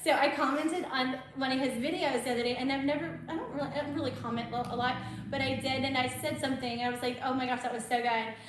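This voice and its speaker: High-voiced chatty woman, echoey room. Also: fairly even intonation, quick pace. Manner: chatty, laughing storyteller. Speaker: host. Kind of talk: casual chat. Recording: very echoey room, faint noise.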